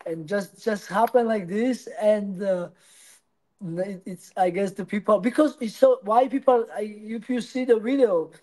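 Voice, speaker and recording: Man with halting English. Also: high voice, a little mellow, low-quality recording. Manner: halting, non-native English with many restarts. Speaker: interviewee, professional fighter. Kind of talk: casual interview answers.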